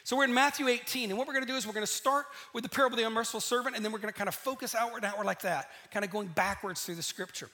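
A man preaching a sermon, telling the story lively and asking the listeners questions as he reads scripture. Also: extremely high pitch, racing, few pauses. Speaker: pastor.

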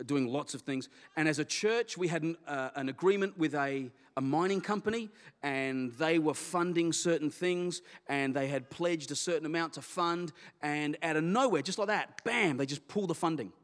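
A middle-aged man, a pastor, telling a candid personal story in a sermon with an animated, self-deprecating manner. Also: medium pitch. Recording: long hall reverb.

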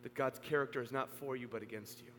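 A man preaching in a church auditorium, mid-pitched and earnest. He swells to emphatic peaks and then sinks to a hush. His voice rings with long reverb, over a faint hum. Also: steady tone, quick pace. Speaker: pastor. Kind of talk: sermon.

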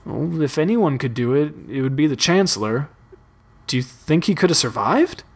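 A man's voice: fairly high pitch, lively intonation, gravelly, breathy edge, exaggerated voice. A man voicing a stunned, awkward young man who stammers, in a read-aloud story. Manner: halting, stammering.

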